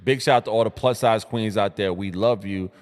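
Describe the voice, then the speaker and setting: A young man from New City, hosting a casual live stream and reacting to social media posts in hyped, slangy talk full of repeated greetings and shout-outs. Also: on the low side, brisk, long reverb tail. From New York City.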